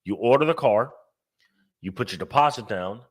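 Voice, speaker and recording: A man's voice: on the low side, lively intonation, normal speed. A man co-hosting a casual car podcast, ranting and swearing emphatically. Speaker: podcast co-host. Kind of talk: casual profane car chat.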